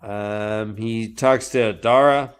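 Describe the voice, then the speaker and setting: Chill guy hosting a book chat, slow easygoing delivery, jokey, acts out bits. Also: on the low side, fairly even intonation, clean tone. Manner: playful, retells scenes in mock voices. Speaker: podcast host recapping a book. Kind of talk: casual chat.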